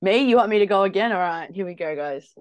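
A woman hosting a casual snack taste test, playful and quick to exclaim. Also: mid-range voice, no room sound. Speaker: channel host. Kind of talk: casual chat.

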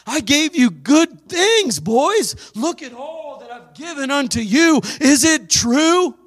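A man's voice: extremely high pitch, sing-song, takes it slowly, fairly bright tone, exaggerated voice. A man preaching acts out a boastful ancient king who taunts and threatens his captives. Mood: menacing. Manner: menacing, taunting.

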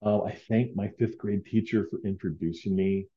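A man's voice: on the low side, steady tone, normal speed, dark tone, lo-fi sound. A man hosting a casual solo podcast, rambling and heartfelt with many fillers. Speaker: podcast host.

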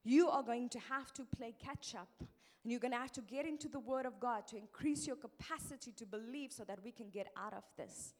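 A middle-aged woman preaches with a lively, emphatic delivery. Her voice sits high, and she shifts it to act out the people she quotes. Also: a little fast. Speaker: pastor's wife preaching. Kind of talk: sermon.

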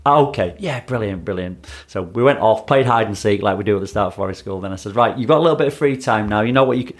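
A man's voice: lowish voice, fast. A man, co-hosting a casual podcast, telling stories with lots of laughter. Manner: animated storytelling, laughs often. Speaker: podcast co-host, primary school teacher. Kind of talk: casual chat.

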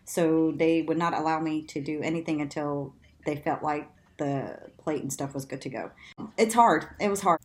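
Low-pitched lady telling a story in an interview, laughs a lot, jumps way up when quoting people. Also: normal speed. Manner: animated, laughs often, acts out quotes in a much higher voice. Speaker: interview guest. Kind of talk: conversational storytelling.

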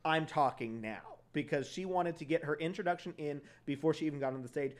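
A man's voice: on the high side, quick pace. A man co-hosting a podcast, talking casually and animatedly about a TV show, swearing and acting out quotes. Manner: animated, swears, quotes others in exaggerated voices. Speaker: podcast co-host. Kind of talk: casual chat reviewing a TV show.

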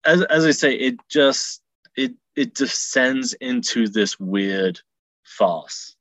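A man co-hosting a film podcast, talking in a measured, hesitant way. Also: mid-range voice, animated, a bit bright, dry recording, low-quality recording. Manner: measured, hesitant, uses many fillers. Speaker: podcast co-host. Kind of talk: casual film analysis chat.

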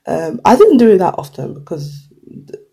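A medium-pitched vlogger casually addresses the camera with career advice, the voice rough and husky yet mellow and dark. Filler words like "like" and "you know" run throughout, and short quotes get acted out in passing.

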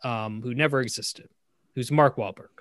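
A man co-hosting a film discussion podcast, talking casually with many fillers and restarts, getting animated as he criticizes. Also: medium pitch, moderate pace, no echo, studio quality. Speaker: podcast co-host. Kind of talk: casual film review chat.

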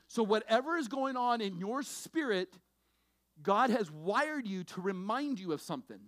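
A middle-aged male pastor preaching a sermon, swinging between loud bursts and low, intense passages. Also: expressive, normal speed, dry recording. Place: church sanctuary.

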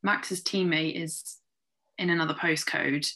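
Brief: woman, low voice, co-host, thinks out loud. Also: fairly even intonation, measured pace. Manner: thoughtful, reasoning aloud with many "like" fillers. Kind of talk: casual chat.

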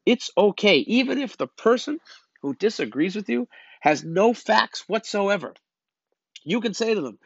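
A man's voice: high-pitched, lively intonation, normal speed, creaky, dry recording, dull audio. A man delivering a blunt, exasperated opinion rant, lecturing his listeners and tagging lines with "okay?".

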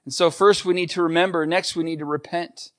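A man's voice: on the high side, steady tone, fairly quick, a bit bright. A middle-aged man preaching a sermon, earnest and emphatic, repeating key points. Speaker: pastor.

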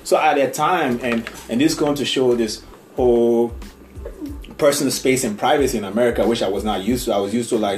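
A man from Nigeria with a Nigerian accent, telling stories in a rambling, animated casual chat and laughing often. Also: mid-range voice, brisk. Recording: echoey room, faint music.

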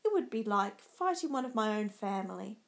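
A woman's voice: mid-range voice, very animated, fairly quick, vocal fry. A woman doing an earnest lovestruck young man. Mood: pleading.

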